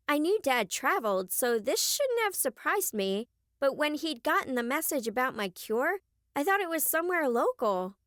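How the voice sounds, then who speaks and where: A woman narrating a first-person young adult novel as an audiobook, clear and expressive on a close mic. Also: high voice, normal speed, dry recording.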